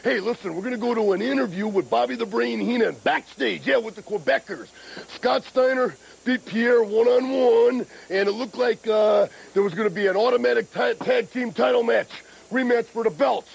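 A middle-aged man co-hosting a wrestling show, talking in a rambling, gravelly growl and a little out of breath. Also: high voice, fairly quick, hardly any pauses, low-quality recording. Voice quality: gravelly, growling, keeps saying brother.

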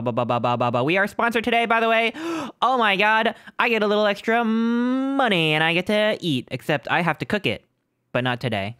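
A man's voice: a little high, a bit bright, smooth, no echo, clean studio sound. A man streaming a game live, chatting playfully, teasing viewers and greeting them by name from a home setup. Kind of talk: casual live-stream chat.

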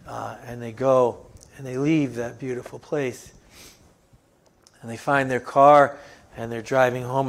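A man, the pastor, preaching a sermon in a storytelling way, with frequent fillers, moving into a soft, earnest appeal. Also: mid-range voice.

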